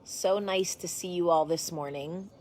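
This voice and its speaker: A woman's voice: on the low side, a little slow, darkish tone, a little hiss or hum. Chatty, blunt woman vlogging from home. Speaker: host. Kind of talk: casual chat to camera.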